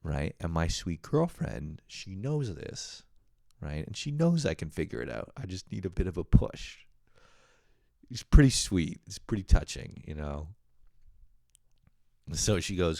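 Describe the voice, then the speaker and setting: Young man, deep voice, lively casual storyteller, swears freely, dry close recording. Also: normal speed, long pauses, no echo. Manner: animated storytelling with exasperated yelps; frequent swearing. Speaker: host. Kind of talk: casual comedic monologue.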